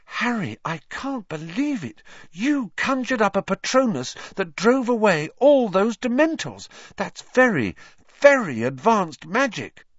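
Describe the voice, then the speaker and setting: A man voicing a clever, anxious teenage schoolgirl witch in a quick, earnest, slightly bossy way. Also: a little high, big pitch swings, fairly bright tone, slightly rough, dry recording, lo-fi sound, voice pushed up, exaggerated voice. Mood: amazed.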